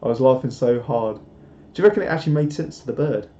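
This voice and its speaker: Talking fast and expressively, a young man with a dark, mid-range voice hosts a live stream, rambling through viewer comments at his own expense. The home audio is roomy and slightly dull.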